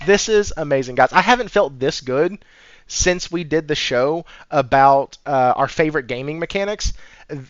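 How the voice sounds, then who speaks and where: A man's voice: mid-range voice, smooth, dry recording. Male podcast host, casual gaming chat, profane, sarcastic, dry, slightly dull sound. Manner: animated, profane, laughing, sarcastic.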